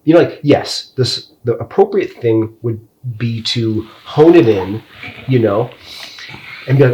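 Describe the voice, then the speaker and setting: A man's voice: mid-range voice, lively intonation, measured pace, darkish tone, a little hiss or hum. A man talking bluntly and profanely in a casual podcast conversation, wandering off topic. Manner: tangential, loses his thread. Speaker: podcast co-host.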